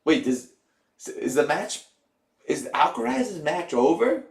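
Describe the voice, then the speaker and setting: A man's voice: on the high side, very animated, slow pace, creaky. A young man hosting a live stream, chatting casually, cheering and teasing his viewers. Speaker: livestream host.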